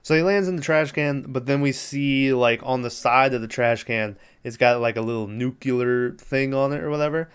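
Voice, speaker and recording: Casual podcast host, male, smooth clear voice, rambles and swears, laughs a lot. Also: medium pitch, normal speed, hardly any pauses. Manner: laughing, profane, rambling with many fillers. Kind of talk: casual movie recap.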